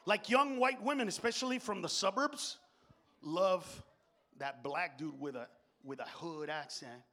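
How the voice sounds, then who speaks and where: Brief: male stand-up comic, high bright voice, crude and loud, quick to do voices. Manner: crude, loud, jumps into impressions. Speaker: stand-up comedian. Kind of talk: stand-up comedy. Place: comedy stage before a live audience.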